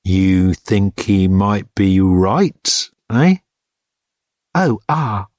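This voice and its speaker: A man doing a quiet, wry detective. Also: medium pitch, animated, slow, no echo, studio quality. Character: wry, patient male detective, quietly puzzled.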